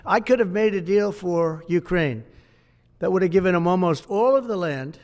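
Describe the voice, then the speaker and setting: A man's voice: high-pitched, moderate pace, a little mellow, in a large hall. A man answering reporters in boastful, repetitive remarks, heard in a clip. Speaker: politician answering press. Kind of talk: press remarks.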